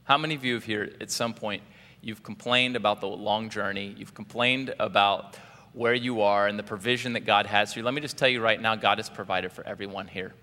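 A male pastor preaching a sermon in an animated way, often asking the congregation questions. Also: fairly low pitch, a little fast. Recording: reverberant hall.

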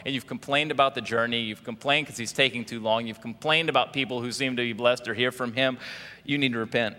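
A male pastor preaching a sermon in an animated way, often asking the congregation questions. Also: mid-range voice, fast talker. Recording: reverberant hall.

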